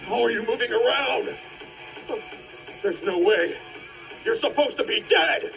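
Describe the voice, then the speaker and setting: A panicking thug in an anime dub, shrieking in a high, cracking voice. Anime music plays under him. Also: male voice, animated, measured pace, gravelly, exaggerated voice. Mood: terrified. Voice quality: shrill, shouting in panic. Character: terrified male thug, panicking.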